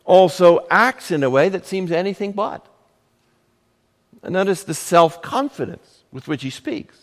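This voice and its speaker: A pastor preaching a sermon, emphatic and measured, with dramatic pauses and rhetorical questions. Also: male voice, on the high side, big-room sound.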